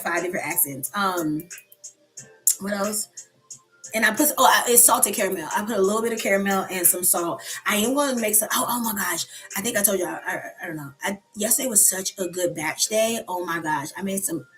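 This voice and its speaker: A woman hosts a relaxed live coffee chat and talks straight to her viewers. She rambles in a loose, friendly way and answers their comments as they come in. Soft music plays faintly behind her. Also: mid-range voice, fairly quick, poor audio.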